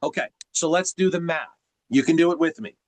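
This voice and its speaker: A man's voice: a little high, brisk, dry recording, rough recording. A man coaching on a group video call, teacherly and emphatic, firing off rhetorical questions. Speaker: sales coach.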